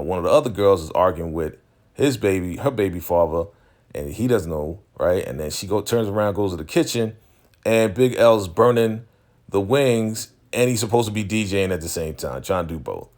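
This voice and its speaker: A man with a very low, deep voice talks through a TV episode recap in a loose, casual way. He tells it as an animated story and keeps checking in with fillers like "right?" and "you know.". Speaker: recap show host.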